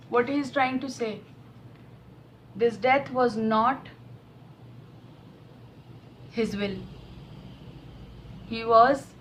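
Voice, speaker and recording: A woman's voice: a little high, fairly bright tone, a little hiss or hum, poor audio. A woman giving an emotional, repetitive tarot reading to camera. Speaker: tarot reader.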